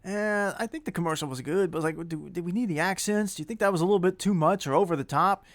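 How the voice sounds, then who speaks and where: A man's voice: high voice, fast, dry recording, lightly acted. A man quoting mario, easygoing plumber, second-guessing himself, light tone. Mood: doubtful. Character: Mario, adult male plumber, easygoing and unsure.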